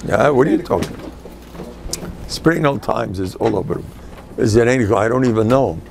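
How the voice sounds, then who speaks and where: An older man giving an informal, animated Torah class as a rabbi, sprinkling Yiddish and Hebrew phrases. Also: mid-range voice, a little fast, gravelly, slight background noise.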